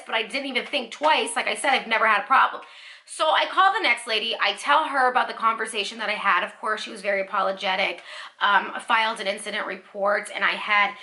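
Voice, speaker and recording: High, bright-voiced woman ranting animatedly. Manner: animated, indignant, lots of fillers like "like" and "you know". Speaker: beauty vlogger. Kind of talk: casual storytime rant.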